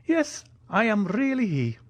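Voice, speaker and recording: A man's voice: wildly swooping pitch, unhurried, no room sound, heavily acted. Male narrator doing an old Italian soldier, timid and eager, voice pushed well above his own, dry close recording. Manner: high quavering eager voice.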